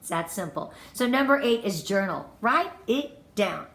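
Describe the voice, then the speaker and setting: A woman's voice: medium pitch, expressive, normal speed, a bit bright, reverberant. A woman leading a motivational training talk for her sales team, enthusiastic and emphatic, counting off tips and repeating her key points. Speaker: direct sales team leader.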